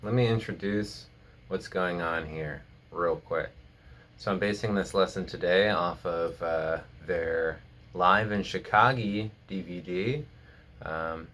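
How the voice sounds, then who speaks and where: A man giving a casual guitar lesson at home, joking and laid-back, with slow speech full of fillers. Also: sits low, sharp tone. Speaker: guitar teacher. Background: guitar playing.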